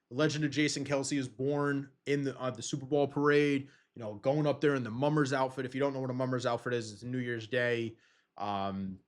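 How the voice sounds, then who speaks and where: A young man hosting a podcast, rambling through casual sports talk in an excitable way and swearing freely. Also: mid-range voice. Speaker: podcast host.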